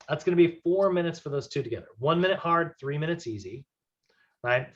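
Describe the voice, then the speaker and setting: A man's voice: a little high, animated, fairly quick. Casual man lecturing a fitness class. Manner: casual, conversational, frequent "right?" check-ins. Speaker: fitness instructor. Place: classroom with whiteboard. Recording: dull lo-fi classroom recording.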